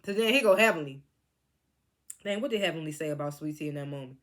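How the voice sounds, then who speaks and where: A woman's voice: sits low, animated, quick pace, fairly bright tone. A woman casually recapping a reality TV reunion, chatty and laughing often as she quotes the cast.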